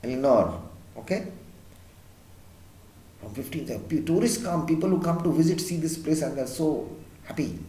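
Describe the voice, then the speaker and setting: A man's voice: a little high, moderate pace, pauses often, dark tone, echoey room, a little hiss or hum, low-quality recording. A man teaching an English literature class, reading a story aloud and explaining it in simple words.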